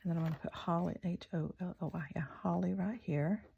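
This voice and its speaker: A woman's voice: on the low side, fairly even intonation, brisk, creaky, dull audio, slight background noise. A woman hosting a crafting vlog, chatting casually and thinking aloud as she works, sometimes whispering letters while she writes. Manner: spells words out in soft whispers as she writes. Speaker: craft channel host.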